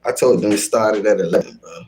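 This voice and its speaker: A man's voice: on the low side, fast talker, a little mellow. A man hosting a live stream, speaking, confrontationally scolding his chat and repeating his phrases. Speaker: livestream host. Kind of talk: casual live-stream rant.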